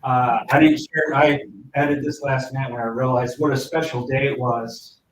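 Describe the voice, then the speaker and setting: A man's voice: mid-range voice, fairly even intonation, normal speed, background noise. A man hosting a user group meeting, welcoming the audience in a friendly, self-deprecating, joking way. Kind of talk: welcoming a live meetup. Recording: echoey room from far off.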